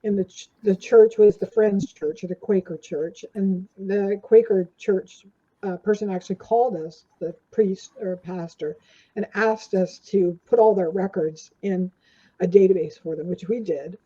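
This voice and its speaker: An older woman, interviewed as a guest, tells meandering stories full of fillers in a warm, husky, mid-range voice. She speaks a little slowly, and the casual interview is captured in dull lo-fi audio.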